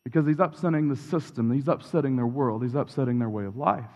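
A man's voice: mid-range voice, fast, darkish tone. A man preaching a sermon in a church, reflective and confessional, building his points through repeated phrases. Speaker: pastor. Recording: long reverb of a large hall.

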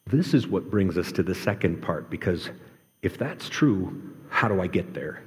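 A male pastor delivers a sermon in a low, mellow voice. He speaks earnestly, slowing down and dropping to a near hush on key words. The sound carries the long reverb of a large church hall. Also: lively intonation. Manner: earnest, varies pace, drops to quiet emphasis.

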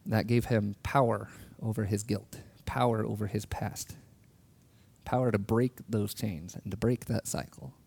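A man giving a sermon, telling a personal story in an earnest way with soft laughs, and slowing down to stress key words. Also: on the low side, steady tone, vocal fry, slightly rough. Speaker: preacher.

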